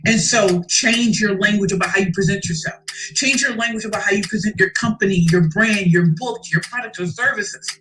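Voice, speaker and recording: A woman's voice: medium pitch, fairly quick, a bit bright, soft background music, low-quality recording. A woman telling her success story as a motivational speaker, emphatic and preacherly, repeating key phrases and calling the audience y'all. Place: live event stage.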